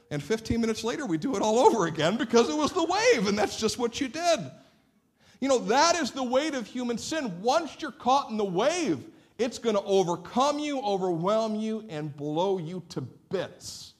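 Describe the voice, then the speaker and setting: A man with a high voice preaches in a church sanctuary. He tells lively stories and keeps asking the congregation questions. He comes from Northeast Ohio. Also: normal speed. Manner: animated storytelling, asks the congregation questions. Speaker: pastor. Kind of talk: sermon.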